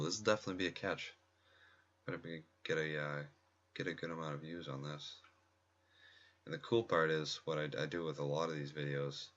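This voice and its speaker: A man giving quiet, rambling casual commentary at home during a game pack opening, often restarting his sentences. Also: a bass voice, highs cut off. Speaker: gaming video creator. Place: home room at night next to a laptop. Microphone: laptop mic close by.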